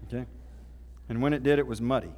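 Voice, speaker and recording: A man pastor retells a scripture story in a relaxed, folksy way. His voice sits at an ordinary middle pitch. It rings out with the long reverb of a church sanctuary. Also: quick pace. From Oklahoma. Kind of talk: sermon. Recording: reverberant hall.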